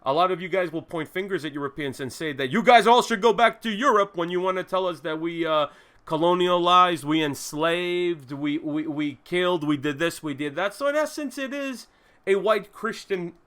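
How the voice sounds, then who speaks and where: A man with a slightly high, bright and forceful voice rants as host of his own commentary show. He sounds indignant and emphatic and swears freely. He stacks up phrase after phrase to hammer home each point. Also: moderate pace. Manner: emphatic, indignant, profane, piles up repeated phrases. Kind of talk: ranting commentary monologue.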